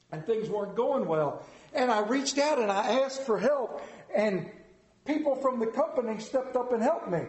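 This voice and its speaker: High-voiced man preaching dramatically. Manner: dramatic storytelling with big swings in pitch and volume. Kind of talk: sermon. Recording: echoey room.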